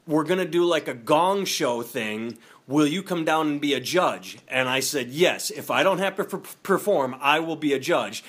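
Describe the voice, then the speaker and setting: A man's voice: on the high side, lively intonation, moderate pace, hardly any pauses, fairly bright tone. A man co-hosting a casual comedy podcast, telling a rambling story with frequent restarts and laughter.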